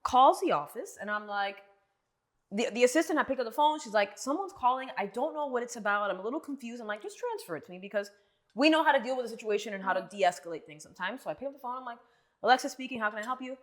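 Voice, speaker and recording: A woman attorney co-hosting a podcast, telling animated stories and acting out phone callers in a casual chat. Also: a little high, fast.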